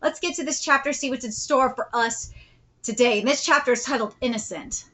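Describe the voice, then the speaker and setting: Bright, high-voiced woman hosting a manga reaction. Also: a little fast, poor audio. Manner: chatty, many fillers, excitable. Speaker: host. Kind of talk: live manga reaction, reading aloud.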